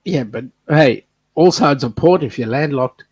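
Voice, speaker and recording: A man's voice: medium pitch, lively intonation, unhurried, a little mellow, slightly rough, no echo. A man with an Australian accent in casual chat, teasing the others with dry jokes. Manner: joking, teasing banter.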